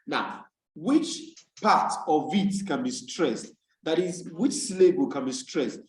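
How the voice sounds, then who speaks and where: Man teaching, higher voice, echoey room. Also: animated. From Nigeria. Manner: repeats key words slowly to drill pronunciation. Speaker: English tutor. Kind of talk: online tutorial lesson. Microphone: video call. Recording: echoey room on a video call.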